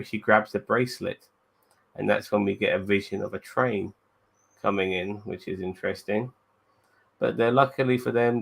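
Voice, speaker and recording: A man's voice: fairly low pitch, gravelly, a bit bright. A man hosting a podcast, giving a rambling, laid-back and profane recap of a TV episode. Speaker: podcast host.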